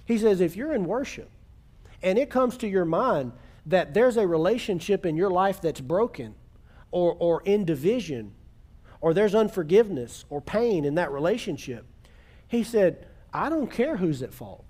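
A man preaching a sermon in church, earnest, slowing down to stress key words and calling on the congregation to repeat after him. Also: sits high, expressive, darkish tone. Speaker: pastor.

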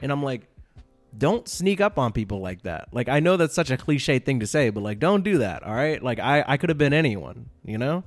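Animated man rambling through a story. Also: mid-range voice, brisk, hardly any pauses. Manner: rambling, full of "like" and "all right?"; animated, exaggerated retelling. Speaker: podcast host. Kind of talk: casual storytelling monologue.

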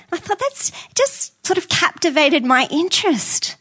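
A woman's voice: very high voice, big pitch swings, unhurried, a bit bright. An Australian woman giving a sermon as a guest speaker, chatty and often asking the congregation questions. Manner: conversational, asks the audience questions.

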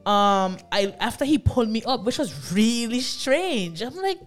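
Animated woman telling a story. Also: a little slow. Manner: animated storyteller, acts out quoted lines in a much higher voice. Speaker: podcast co-host. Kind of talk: casual group chat.

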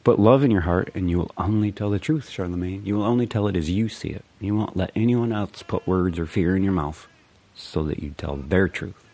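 A man's voice: sits low, brisk, dark tone. A man delivering a profane, rambling, sarcastic political rant. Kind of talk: ranting political monologue.

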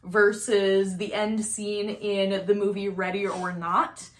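A woman's voice: mid-range voice, little pitch movement, slow. A woman co-hosting a podcast in a casual movie review chat who talks in a chatty, opinionated way and says "like" often. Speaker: podcast co-host.

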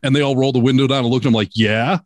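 A man's voice: medium pitch, little pitch movement, racing, a little mellow, no room sound. A man, hosting a casual chat, joking and acting out voices. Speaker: podcast host.

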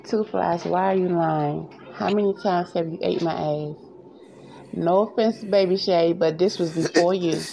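A woman with a low, gravelly voice joins a live audio chat room to sassily call someone out. Her tone stays playful, and faint noise sits behind her. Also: fairly even intonation, measured pace. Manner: sassy, calling someone out, playful.

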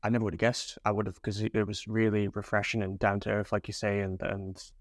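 Fast-talking young man, dry close sound. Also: lowish voice, monotone, dry recording. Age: young adult. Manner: quick, jokey, casual. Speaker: podcast co-host. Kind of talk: casual chat.

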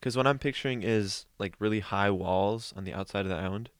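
A man's voice: fairly low pitch, fairly quick, clear, resonant tone, no echo, clean studio sound. A man co-hosting a podcast, reacting wryly and skeptically in casual chat. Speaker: podcast co-host.

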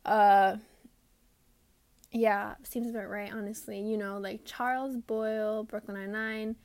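Chatty young woman with a gravelly voice. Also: mid-range voice, little pitch movement, measured pace, darkish tone. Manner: rambling, self-mocking, chatty with fillers. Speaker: podcast host. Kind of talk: casual solo podcast chat. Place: her room.

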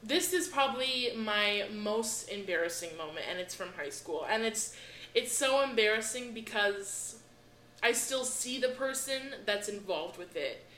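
A young adult woman co-hosting a podcast, telling an embarrassing story in a profane, animated way. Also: medium pitch, a little slow, echoey room, slight background noise, poor audio. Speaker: podcast co-host. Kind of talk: casual chat, storytelling.

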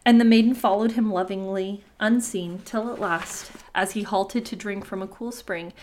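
A woman's voice: mid-range voice, steady tone, moderate pace, a little mellow. A woman hosting a podcast, reading old-fashioned folktale prose aloud and breaking off now and then for casual, swearing asides.

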